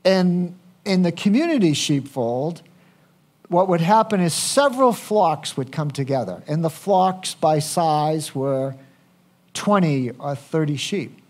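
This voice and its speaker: A pastor delivers a sermon in a relaxed, conversational way. His voice sits high for a man, and he takes his time. He often turns to the congregation with questions. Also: slow pace.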